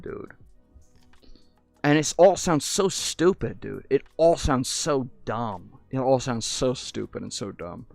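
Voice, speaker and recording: A man's voice: mid-range voice, no echo. A young man in casual chat in a VR hangout, rambling and swearing freely, stumbling over restarts as he talks into a headset mic. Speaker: VR streamer. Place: virtual reality hangout.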